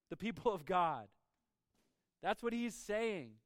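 High-pitched guy pastor preaching, gets loud then soft, smooth tone, dry sound. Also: sing-song, measured pace, no room sound. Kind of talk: sermon.

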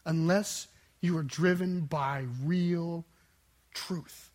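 A man preaching a sermon with intense emphasis, swinging between forceful surges and quiet, dropped endings. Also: on the high side, steady tone, very slow. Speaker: pastor.

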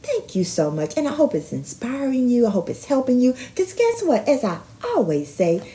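A woman's voice: on the high side, big pitch swings, normal speed, mellow. A middle-aged woman hosting a motivational podcast, talking in an encouraging way, repeating herself and laughing often. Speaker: podcast host.

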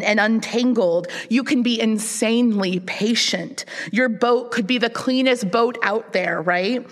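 A woman pastor preaching a sermon, telling a scripture story in an earnest way and often repeating words as she restarts. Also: fairly high pitch.

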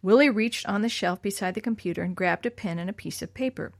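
Female storybook narrator, measured and clear; dry, close mic. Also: medium pitch, no room sound. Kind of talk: storybook reading.

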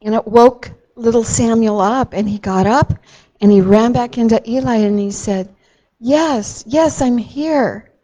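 A woman telling a Bible story to a child, gentle and slow with dramatic emphasis on key moments. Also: fairly high pitch, steady tone, rough recording.

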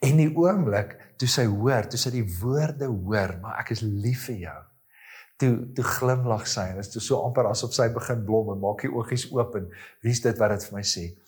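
A man preaching a sermon as pastor, earnest and reflective, with small pauses and restarts. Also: mid-range voice, darkish tone.

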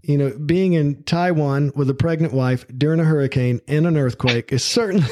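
A man's voice: fairly high pitch, normal speed, mellow, dry recording, studio quality. A man with a Southern US accent hosting a casual podcast interview, chatty and friendly, laughing easily. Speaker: podcast host.

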